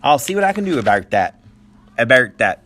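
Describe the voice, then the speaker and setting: A man voicing a genial frontier banker in a storybook reading, speaking in a folksy, drawn-out way. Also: mid-range voice, very animated, a bit bright.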